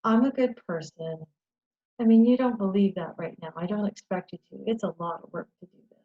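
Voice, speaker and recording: A woman presenting a webinar for caregivers, talking in a gentle, reassuring way and often checking in with "okay?". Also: medium pitch, fast talker, dull audio. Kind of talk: educational webinar talk.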